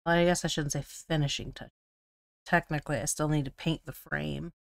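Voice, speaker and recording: A woman's voice: low voice, steady tone, brisk, gravelly, no echo, clean studio sound. A woman co-hosting a live miniature painting stream, chatting casually while she paints and gets absorbed in fine details.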